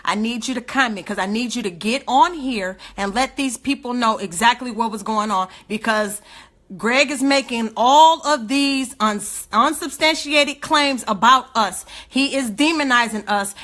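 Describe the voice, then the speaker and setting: A woman's voice: high-pitched, pushed and bright. A woman speaking, giving an emotional, indignant livestream rant full of rhetorical questions.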